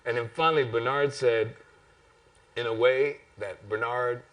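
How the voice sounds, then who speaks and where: A man's voice: mid-range voice, steady tone, a little slow, a bit bright. A man on a festival stage telling an anecdote expressively, acting out voices and swearing casually. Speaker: festival guest. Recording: distant mic in a hall.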